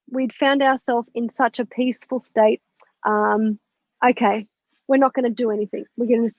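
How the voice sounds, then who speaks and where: Podcast guest: frank, lively woman with a high voice, on a dull lo-fi recording. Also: dry recording. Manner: animated, candid, swears and laughs while recounting. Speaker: podcast guest, spiritual mentor. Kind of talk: personal storytelling in an interview. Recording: dull lo-fi, dry sound.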